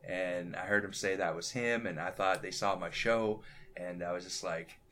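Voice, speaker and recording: A man, a comedian, chatting casually and telling jokey, animated stories. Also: sits low, normal speed. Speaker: comedian host. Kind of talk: casual chat.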